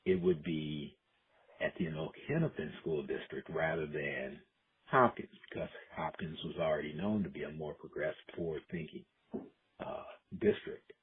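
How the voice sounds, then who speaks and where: A man from Illinois recalls his past in an unhurried, reflective way, circling back and restarting his sentences. His voice sits very low and sounds deeply husky and breathy. The audio is narrow and muffled, like a phone line. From Decatur, Illinois, USA. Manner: reflective, storytelling, frequent restarts. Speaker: educator, interviewee. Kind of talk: oral history interview.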